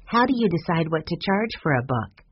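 A shy, gentle young girl speaks softly as a storybook narrator voices her. The tone is breathy and husky. The recording is dull and lo-fi. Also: medium pitch, sing-song, brisk. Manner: soft, shy, quiet.

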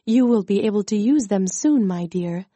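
A woman reading aloud, voicing a gracious and kindly female fairy queen in a gentle, regal storybook manner. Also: medium pitch, expressive, moderate pace, no echo, natural voice.

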